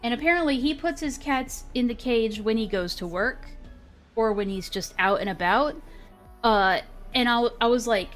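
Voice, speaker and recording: A woman streamer chats casually, retelling a story and voicing both sides of the conversation. Her voice sits on the higher side, with faint music playing behind her. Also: brisk. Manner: animated retelling with quoted dialogue and frequent fillers.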